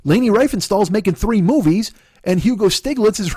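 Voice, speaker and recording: A man in his forties ranting in a profane podcast monologue, agitated, sometimes dropping to a mutter and then rising to a shout. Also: high voice, expressive, normal speed, husky, no room sound, studio quality. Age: 40s. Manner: agitated, swearing, swings between muttering and shouting. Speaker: podcast host.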